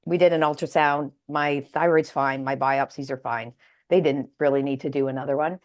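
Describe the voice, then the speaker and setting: A woman's voice: a bass voice, fairly even intonation, moderate pace. A woman being interviewed on a podcast, telling a personal story with many restarts and acted-out quoted voices. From Canada. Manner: frequent restarts and hesitant fillers. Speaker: podcast guest. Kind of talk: casual interview chat.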